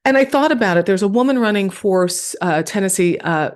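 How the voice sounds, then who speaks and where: A woman's voice: medium pitch, fairly quick. A woman from New York, a comedian guest on a podcast, telling stories in casual chat and acting out the voices of the people she quotes. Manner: animated storytelling, acts out quoted dialogue.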